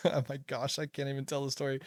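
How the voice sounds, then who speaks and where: A man's voice: medium pitch, fast talker, no room sound, clean studio sound. A young man hosting a casual chat, telling stories with frequent laughter. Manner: laughs a lot, excitable storytelling. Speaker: podcast host.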